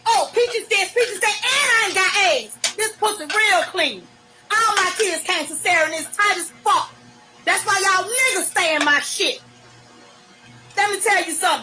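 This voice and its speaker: A middle-aged woman from Virginia with a Virginia accent, ranting profanely and bluntly into her phone on a live stream, often breaking into shouting. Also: very high voice, poor audio. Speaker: livestreamer. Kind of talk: angry live-stream rant.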